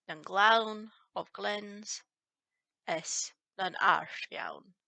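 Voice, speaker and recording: A woman teaching a folk song line by line, explaining each word slowly and singing the verses. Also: fairly low pitch, vocal fry, pushed and bright, dry recording. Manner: slow, explains word by word, sings lines. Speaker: language teacher.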